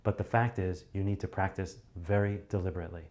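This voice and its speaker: A man's voice: sits low, fairly even intonation, fast talker, a little mellow. A man teaching public speaking in a loose, conversational way, with many fillers and restarts. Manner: acts out sample deliveries to show each point. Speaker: communication coach.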